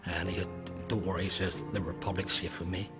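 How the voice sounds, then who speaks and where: A man recalling a farewell in a documentary interview, speaking haltingly and trailing off into quiet. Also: sits low, level tone. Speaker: former prisoner interviewee. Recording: music bed under the voice.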